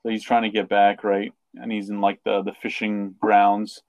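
A man's voice: lowish voice, normal speed, dry recording. A man on a podcast, chatting casually and retelling a story with lots of fillers. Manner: animated retelling with many fillers, acting out quotes. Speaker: podcast co-host. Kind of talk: casual chat.

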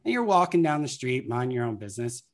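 A guest on an interview explains marketing in a casual way, with a voice of middling pitch. The talk runs on anecdotes and acted-out street scenes. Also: sing-song, fast talker. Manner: anecdotal, acts out scenarios.

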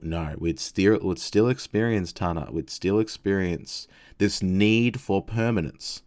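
A man's voice: low-pitched, measured pace, a little mellow. An Australian man reading quoted passages and explaining philosophy in a thoughtful way, with hesitant asides.

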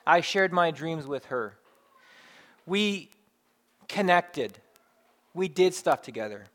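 A man with a somewhat raised speaking pitch, delivering a sermon in a plain, talking-to-you manner. He builds his points by repeating phrases with emphasis, one after another. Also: lively intonation, takes it slowly, a bit bright. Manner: conversational, builds through emphatic repetition. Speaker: pastor.

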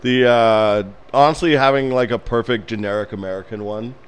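A man's voice: mid-range voice, steady tone, normal speed, smooth. A man in casual podcast chat who laughs often and fumbles for words. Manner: laughing, hesitant, searching for words.

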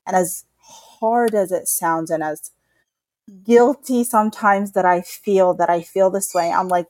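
A somewhat low-voiced woman in her thirties speaks openly as a podcast co-host, with feeling. She acts out the remarks of others as she goes. The sound is close and dry, with no room around it. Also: a little slow, darkish tone, no echo. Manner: emotional storytelling, acts out other people's remarks. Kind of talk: candid personal conversation.

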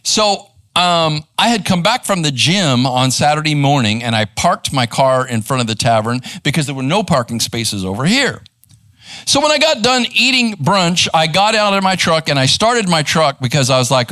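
A middle-aged man, a pastor teaching live in church, conversational and animated as he tells a story. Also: on the high side, normal speed, no echo. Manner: animated, conversational, acts out quoted voices. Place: church sanctuary.

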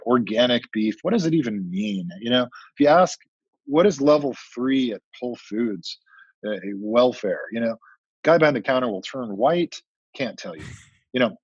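Man, husky voice, lowish pitch, animated storyteller, dry muffled recording. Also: moderate pace, no room sound. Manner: animated storytelling, acts out quoted dialogue. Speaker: startup founder and guest. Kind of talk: casual interview talk. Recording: muffled dry podcast audio.

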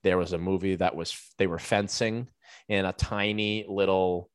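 A man's voice: low voice, fairly even intonation, moderate pace, clean tone, no room sound, studio quality. A man co-hosting a casual podcast, telling a story in a rambling way full of fillers and restarts. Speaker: podcast co-host. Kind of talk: casual chat.

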